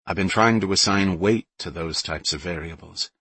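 A man reading a brainy teenage girl who explains her plans in a precise, calm way, in an audiobook. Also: low-pitched, moderate pace, slightly rough, no room sound, heavily acted. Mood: explaining.

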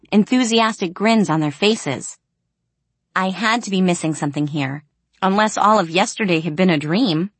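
A woman narrating a first-person audiobook in an expressive, storytelling way. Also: mid-range voice, dry recording.

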